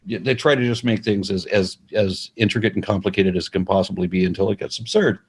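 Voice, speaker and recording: Man with a lowish voice explaining stuff in an interview, steady, repeats himself a bit. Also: slightly rough. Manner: measured, explaining, with restarts. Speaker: atheist organization representative, interview guest.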